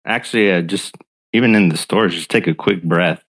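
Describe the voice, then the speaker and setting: A man's voice: low-pitched, moderate pace, fairly bright tone. A man guesting on a friend's podcast, earnest and upbeat, joking as he talks. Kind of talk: casual podcast chat.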